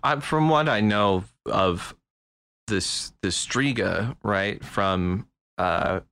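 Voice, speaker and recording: An American man co-hosting a podcast who drops quick jokes and asides. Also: lowish voice, a bit bright, clear, resonant tone. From United States. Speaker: podcast co-host. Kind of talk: casual podcast chat.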